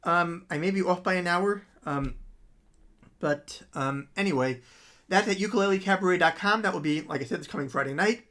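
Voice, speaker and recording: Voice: mid-range voice, a little fast, fairly bright tone. A musician chatting casually on their own livestream, rambling with many ums and frequent laughs.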